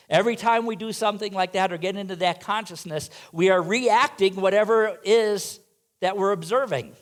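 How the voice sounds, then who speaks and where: A man with a high-pitched voice delivers a sermon in a church sanctuary. He asks his listeners rhetorical questions and drops in light, playful asides to them. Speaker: minister.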